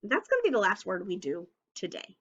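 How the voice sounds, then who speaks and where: A woman teaching young children a phonics and sentence lesson on video, speaking slowly and clearly in an encouraging way. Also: mid-range voice, wildly swooping pitch, a bit bright. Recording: slightly dull lo-fi audio.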